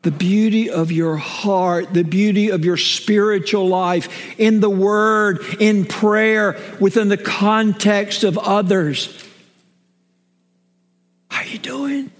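A middle-aged man preaching a sermon as a pastor, with emphatic swings from raised shouts down to whispers. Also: high-pitched, fairly even intonation, takes it slowly. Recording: long hall reverb.

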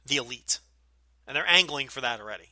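Middle-aged podcast host from New Jersey, light Jersey accent, bright and sharp tone, blunt and profane, dry close mic. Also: male voice, medium pitch, lively intonation, a little fast, no echo. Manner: blunt, profane, rambling with many fillers. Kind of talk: casual Q&A podcast.

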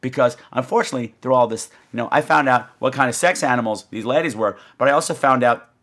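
Swooping into different voices and letting out gasps, a male podcast host spins a funny story with lots of animation. He speaks quickly at a medium pitch.

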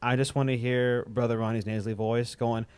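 A man's voice: mid-range voice, fairly quick, smooth, no echo. Rambling young man chatting casually. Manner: rambling, animated, imitates drum sounds. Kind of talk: casual chat.

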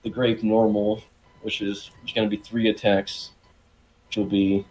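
A man playing a tabletop game, talking casually with brash, profane, excited bursts. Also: on the low side, unhurried, background noise. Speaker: player.

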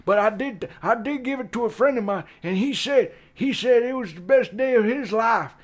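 Man playing a rambling old grandpa, raised-pitch folksy stammer, comic podcast bit. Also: normal speed. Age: older.

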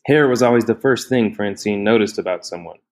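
This is scripted audiobook narration: a man with a fairly low pitch reads a novel aloud in an even, measured storytelling voice.

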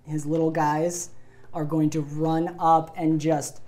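A woman's voice: low-pitched, little pitch movement, takes it slowly, mellow. A woman narrating a tabletop role-playing game as game master, giggling often and adding sound effects to her storytelling.

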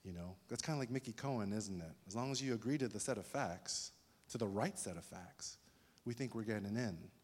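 A pastor preaching to his congregation in a relaxed, conversational way. He keeps pausing to ask whether everyone follows. His voice carries a long reverb from a large hall. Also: on the low side, slightly rough. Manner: conversational, asks the congregation questions. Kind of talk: sermon.

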